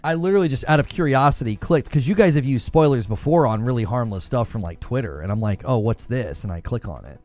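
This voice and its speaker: A man's voice: medium pitch, lively intonation, fast talker, few pauses, a little mellow, faint music behind. A man casually chatting with his live-stream audience, joking about slang and laughing often. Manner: joking, laughs often, mock-tough voices for quoted slang. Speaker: gaming streamer reading chat.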